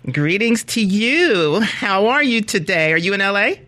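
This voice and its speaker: A woman's voice: mid-range voice, a little slow. A woman hosting a radio talk show, interviewing a guest with lots of laughter. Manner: giggly, animated storyteller.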